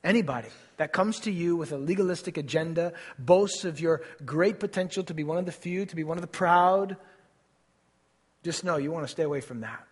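Man, pastor, sermon, husky, slightly high voice, earnest, direct questions to listeners, hushed then raised delivery. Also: brisk. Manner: preaching with swings between hushed and raised passages.

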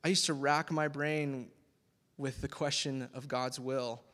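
A man's voice: mid-range voice, fairly even intonation, a little slow, fairly bright tone. Chatty young man preaching in reverberant hall. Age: 20s. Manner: rambling, chatty, many fillers, laughs often. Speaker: youth pastor, worship leader. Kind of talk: casual youth sermon.

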